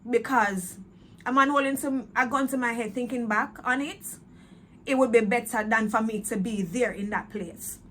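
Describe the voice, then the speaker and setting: A woman's voice: fairly high pitch, moderate pace, fairly bright tone. Woman telling her faith story, earnest, repeats herself, faint hum behind. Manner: earnest, repetitive, emotional retelling. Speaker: testimony speaker. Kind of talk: personal testimony storytelling.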